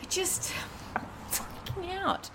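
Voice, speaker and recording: A woman's voice: on the high side, expressive, moderate pace, background noise, lightly acted. An actress playing a nervous, stammering young woman who is on the run and scared. Music plays behind her. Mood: anxious. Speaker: frightened stranger.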